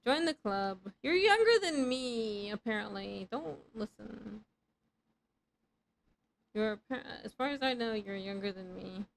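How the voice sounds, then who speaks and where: A woman's voice: medium pitch, lively intonation, a little slow, creaky, a little hiss or hum, low-quality recording. A woman in her thirties chatting casually with her live chat while playing a game, rambling and swearing freely in self-mocking banter. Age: 30s. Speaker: streamer.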